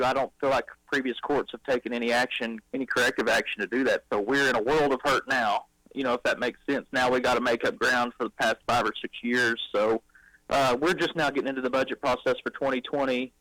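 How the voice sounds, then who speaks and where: A man's voice: mid-range voice, steady tone, fast talker, a bit bright, no room sound, low-quality recording. A man with a Southern American accent, a local official, explaining things conversationally as a guest in a radio interview.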